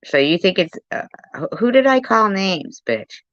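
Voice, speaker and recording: A furious woman rants on a livestream, hurling profane insults as she reads the chat. Her voice is bright and forceful, and the recording sounds dull and lo-fi. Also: medium pitch, sing-song, normal speed, no echo. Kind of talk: angry livestream rant.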